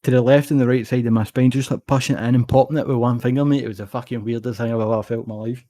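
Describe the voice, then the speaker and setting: Fast-talking sweary Scottish lad. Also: male voice, medium pitch, fairly even intonation, mellow. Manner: sweary, rambling storyteller. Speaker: podcast co-host. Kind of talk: casual chat.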